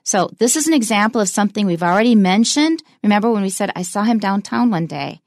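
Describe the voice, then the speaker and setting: Female English teacher, clear examples, dry close mic. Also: mid-range voice, lively intonation, a little mellow, no echo. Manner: slow, emphatic example sentences. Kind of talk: bilingual English lesson.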